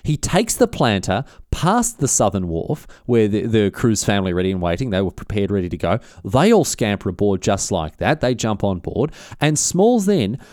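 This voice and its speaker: A man telling a history story in a loose, chatty way, full of filler words, restarts and cheeky slang. His pitch swings lively up and down as he goes. The recording is close and dry, without room sound. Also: normal speed, hardly any pauses, dry recording.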